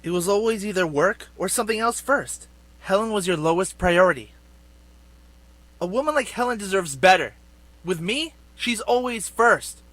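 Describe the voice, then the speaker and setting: A man's voice: high-pitched, lively intonation, fairly bright tone, no echo. An actor playing a smug young man who coldly taunts his former friend in a video game. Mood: taunting. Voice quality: cold, taunting, measured.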